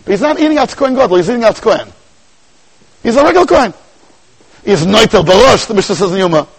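Male Torah teacher, high and lively, husky edge, sing-song Talmudic lecture delivery. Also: fast, rough recording. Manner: animated, sing-song study cadence; mixes Yiddish and Hebrew terms into English.

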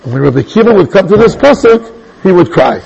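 A man teaching a Torah class in an animated way, restarting sentences and mixing in Hebrew terms. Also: sits high, fast talker, creaky, slightly rough, highs cut off. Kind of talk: lively Torah lecture.

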